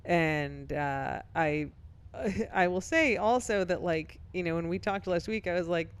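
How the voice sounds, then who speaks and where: A middle-aged woman co-hosting a podcast, telling a long story briskly and laughing now and then. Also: lowish voice, smooth. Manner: brisk anecdotal telling, laughs while talking. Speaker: podcast co-host; professor and author. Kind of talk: casual chat, storytelling.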